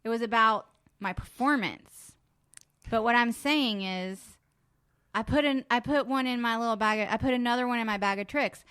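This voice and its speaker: A woman's voice: on the high side, normal speed, a bit bright, smooth, no room sound. A young adult woman co-hosting a podcast in casual chat, telling stories animatedly and laughing often. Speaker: podcast co-host.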